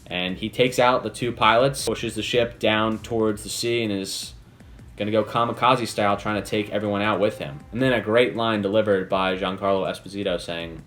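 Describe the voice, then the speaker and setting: A man's voice: on the low side, fairly even intonation, moderate pace, a bit bright, faint music behind. A man giving a casual, enthusiastic spoiler review, chatty and full of "basically" and "like". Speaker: video reviewer.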